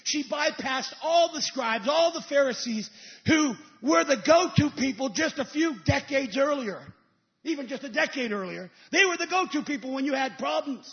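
A male evangelist preaching a sermon, telling stories and rising into emphatic shouted peaks. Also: extremely high pitch, lively intonation, normal speed, dull audio.

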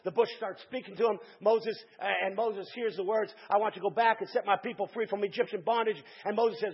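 A man preaches with a high, gravelly voice, calling out to his listeners and building to shouted peaks. His tone is husky. The recording sounds dull and lo-fi. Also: steady tone, fairly quick, few pauses. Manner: calls out to the congregation, builds to shouted climaxes. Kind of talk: sermon.

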